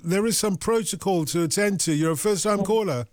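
A man hosting a late-night radio phone-in, joking in a dry, deadpan way from a studio mic. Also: high-pitched, brisk, no room sound. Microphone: studio microphone.

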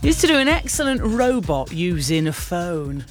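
Woman radio presenter, fairly low pitch, chatty and self-deprecating, reading listener messages over background music. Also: big pitch swings, moderate pace. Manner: chatty, self-mocking, playful. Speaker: radio host. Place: radio studio.

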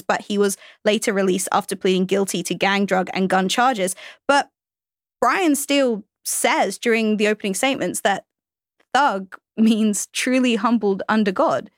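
A woman co-hosting a casual legal discussion, quick and questioning, laughing easily. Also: medium pitch, no room sound, clean studio sound. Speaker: podcast co-host.

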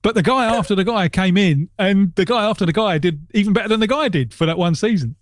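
A man's voice: high-pitched, fast, no room sound, studio quality. A male radio host talks playfully and rambles into wordplay. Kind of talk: radio phone-in chat.

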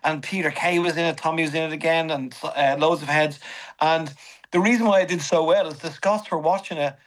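Lively storytelling male comedian. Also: fairly high pitch, brisk, low-quality recording. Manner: animated anecdotes with acted-out quotes. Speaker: comedian guest. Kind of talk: storytelling radio interview.

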